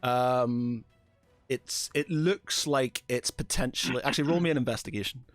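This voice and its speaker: A man's voice: medium pitch, normal speed, faint music behind. A man narrating a tabletop game as game master, hesitant and filling his talk with "sort of kinda".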